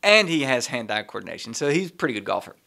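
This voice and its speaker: A middle-aged man co-hosting a podcast, telling an animated story in a casual way and laughing often. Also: mid-range voice, fast talker, vocal fry. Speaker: podcast co-host.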